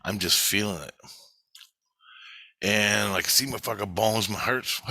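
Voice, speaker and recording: A man's voice: lowish voice, slow pace, bright, forceful tone, slightly rough, no room sound. A man casually telling a long, rambling personal story, swearing often and jumping between thoughts. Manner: profane, restless, digressive. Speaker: vlogger recounting spiritual experiences.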